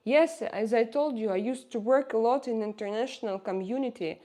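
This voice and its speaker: A woman's voice: a little high, fairly quick, mellow. A woman in her forties with a Russian accent, talking casually to her livestream viewers, hesitating often with fillers and restarts. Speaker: livestream host.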